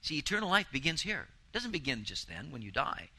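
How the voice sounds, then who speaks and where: A man's voice: a little high, very animated, fairly quick, bright, forceful tone, low-quality recording. A man preaching a sermon, earnest and emphatic, building intensity with repeated phrases. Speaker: pastor.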